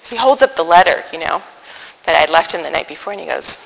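A middle-aged woman telling a personal faith story in an animated way, acting out the dialogue and laughing often. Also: low-pitched, fast, creaky. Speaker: speaker sharing a faith testimony. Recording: echoey hall with long reverb.

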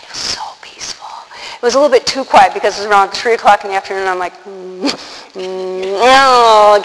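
A woman telling a personal story to an audience, animated, acting out the quotes and laughing often. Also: mid-range voice. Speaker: religious speaker. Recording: long hall reverb, faint noise.

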